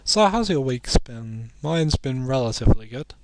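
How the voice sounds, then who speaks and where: Drowsy male let's-player, mid-pitched voice, dry close sound, rambles and mocks his own jokes. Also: sing-song, moderate pace, no echo. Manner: rambling, self-deprecating jokes, muttering asides. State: sleepy, yawning. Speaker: let's play commentator. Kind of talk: casual game commentary.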